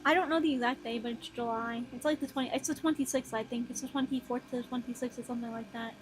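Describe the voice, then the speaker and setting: Soft-spoken high-voiced young woman rambling. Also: fairly even intonation, fast talker, background noise. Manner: soft, low-key, mumbling, with casual swearing; talks to her drawn characters. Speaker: streamer drawing on stream. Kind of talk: rambling casual chat while drawing.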